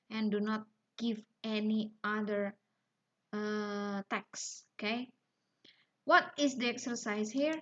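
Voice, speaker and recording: A woman with a medium-pitched voice teaches an online lesson, explaining slowly and carefully with lots of fillers and checks of "yeah?" The audio is dull and lo-fi, like a home video.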